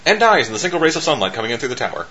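A man's voice: mid-range voice, big pitch swings, racing, sharp tone, muffled recording, slight background noise. A man casually riffing on a movie, jokey and profane, often laughing. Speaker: movie commentator.

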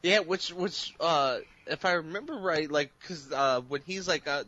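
A man in casual movie chat, halting and full of restarts, laughing often. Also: fairly high pitch, sharp tone. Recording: muffled recording.

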